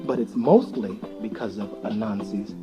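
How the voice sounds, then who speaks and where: A man narrating a folktale for listeners in an animated, expressive storybook manner. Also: fairly low pitch, normal speed, loud music behind the voice, low-quality recording.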